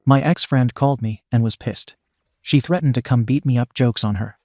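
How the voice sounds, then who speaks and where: A man giving scripted narration of an online post, in a steady reading that spells abbreviations out letter by letter. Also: mid-range voice, moderate pace, dry recording, studio quality. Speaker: story narrator.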